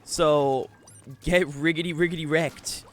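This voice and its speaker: Young male game streamer, brash and jokey, a bit high-pitched, casual live chat. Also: fairly even intonation, a little slow, faint music behind. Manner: brash, joking, swears a lot.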